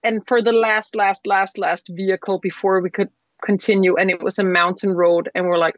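A woman chef tells a story as a guest, talking in a rambling, animated way with plenty of fillers. Her voice sits in a middle pitch. The recording sounds slightly dull and lo-fi, and it is dry. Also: brisk, no echo. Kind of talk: casual interview storytelling.

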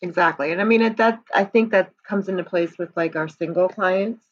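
A woman's voice: lowish voice, fairly quick, husky, dry recording, lo-fi sound. A woman co-hosting a weight-loss program podcast, chatting casually and rambling a little with restarts and "you know what I mean".

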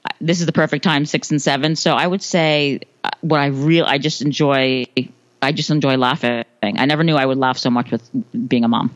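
An American woman in her thirties appears as a podcast guest, giving casual interview answers about motherhood while laughing often and restarting her phrases. Her voice is rumbling and low, fairly even in intonation and fairly quick. The audio is dull with no room sound.

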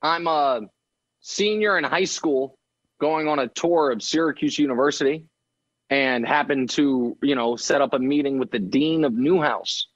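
A young man bantering on a radio call, animated and mock-indignant, with quick comic rants. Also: fairly high pitch, highs cut off. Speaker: guest commentator.

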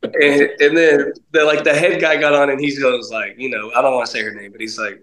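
A man's voice: mid-range voice, brisk, reverberant, low-quality recording. A man in his thirties, a guest on a podcast, telling a story in a casual, laughing way and acting out what people said. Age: 30s. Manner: laughing, animated anecdote with acted-out quotes. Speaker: guest, baseball pitcher.

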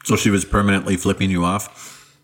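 Low-voiced man asking teasing questions. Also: little pitch movement, normal speed. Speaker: podcast co-host. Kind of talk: casual chat.

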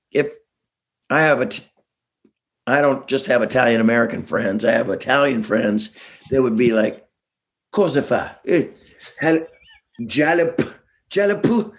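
A middle-aged man chatting as a guest, animated and laughing, slipping into quick voices as he tells stories. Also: mid-range voice. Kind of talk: casual chat, storytelling.

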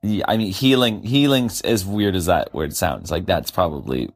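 A man's voice: low voice, animated, normal speed. A man in casual recorded conversation with his wife, talking in an earnest, argumentative way. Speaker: podcast host's husband.

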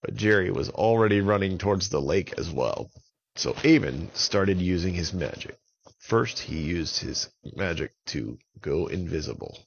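Man storyteller, very low gravelly voice, slow and lively, slightly dull lo-fi recording. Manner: unhurried, expressive storytelling. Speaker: children's storyteller. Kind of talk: told children's story.

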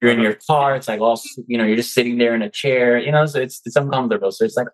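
A man's voice: medium pitch, steady tone, fast, few pauses, poor audio. A man who is a guest coach on an interview show, speaking in casual chat and acting out his own quoted reactions. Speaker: guest, seller turned coach.

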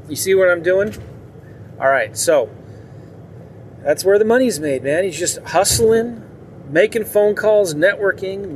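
A man giving casual real estate investing advice, talking in an animated, hustling way and acting out phone calls. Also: a little high, slight background noise, rough recording.

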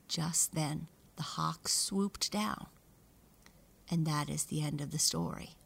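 Slow, low-voiced woman storyteller. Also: creaky, fairly bright tone, slightly rough. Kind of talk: storybook narration.

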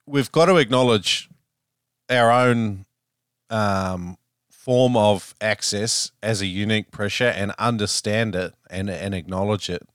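A man's voice: on the low side, measured pace, fairly bright tone, dry recording, studio quality. A man hosting a podcast interview, talking in a loose, earnest, conversational way. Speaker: podcast host. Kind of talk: casual interview chat.

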